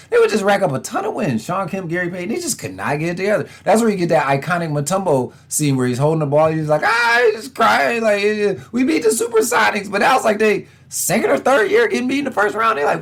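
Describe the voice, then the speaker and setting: A lively man talks sports on his podcast. He chats casually and slangily, and his voice sits a bit high. It swings widely in pitch as he laughs and mimics people. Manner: animated, laughing, slangy, puts on quick voices for others. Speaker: podcast host.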